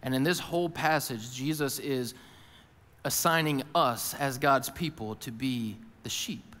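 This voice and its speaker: A male pastor preaching a sermon, who moves between hushed, intimate lines and loud, emphatic ones and often speaks in the first person as the people he describes. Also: medium pitch, measured pace. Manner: voices Jesus and worried listeners in first person. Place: church auditorium. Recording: long hall reverb.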